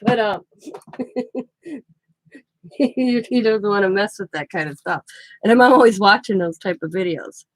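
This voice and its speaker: A woman's voice: medium pitch, measured pace, long pauses, no room sound, rough recording. A woman vlogging casually from her home craft room, chatty and laughing often as she retells conversations. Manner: retells conversations with quoted back-and-forth. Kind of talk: casual storytelling chat.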